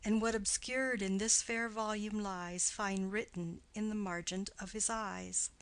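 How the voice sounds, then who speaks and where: A woman reading the part of a stately noble mother in an audiobook play, speaking quietly in a low, measured way. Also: fairly even intonation, natural voice.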